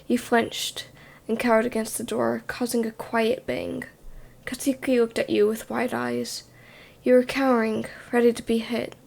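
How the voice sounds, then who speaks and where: Gravelly woman in whispered role-play. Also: on the high side, flat delivery, moderate pace. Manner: hushed second-person narration. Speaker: storyteller.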